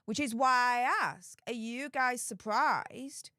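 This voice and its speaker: A woman's voice: a little high, slow, bright, forceful tone, no room sound. Chatty woman hosting a gossip channel, talks straight to viewers, dry close mic. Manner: chatty, conversational, addresses viewers as guys. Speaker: YouTube royal gossip commentator. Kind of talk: casual commentary vlog.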